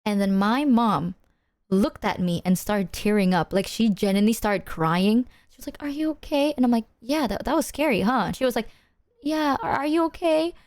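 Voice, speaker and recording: Animated young woman streamer telling stories. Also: a little high, normal speed. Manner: animated storytelling, acts out quotes, swears. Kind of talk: casual chat.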